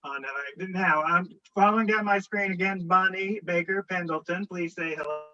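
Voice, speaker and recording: A man's voice: high-pitched, moderate pace, bright, forceful tone. A man moderating a group video call, joking and introducing each guest in turn. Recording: dull video call audio.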